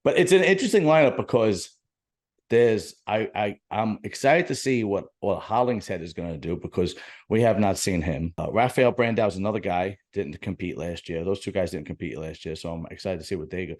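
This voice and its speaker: Brief: deep-toned male podcast host, profane, jokey, rambling casual chat. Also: fairly quick, a little mellow. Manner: joking, profane, rambling with restarts.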